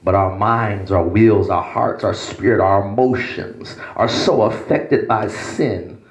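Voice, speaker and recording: Taking it slowly, a man preaches in a church as pastor, his emphatic delivery dramatically rising and falling between low and loud. The sound is roomy and the audio quality poor.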